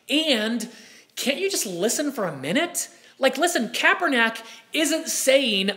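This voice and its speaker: A young man hosts a live talk show. He speaks with heated, animated energy and keeps breaking off into asides. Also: extremely high pitch. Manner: impassioned, animated, with frequent asides.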